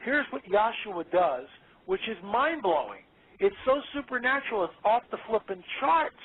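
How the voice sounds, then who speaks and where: A man speaking as a guest on a radio interview, emphatic and excitable, often repeating his words. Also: sits high, moderate pace. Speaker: guest author. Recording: tinny phone line.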